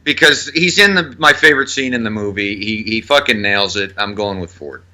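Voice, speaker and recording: A man's voice: lowish voice, normal speed, sharp tone. A man co-hosting a casual film podcast, talking loosely, swearing now and then and rattling off cast trivia. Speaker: podcast co-host.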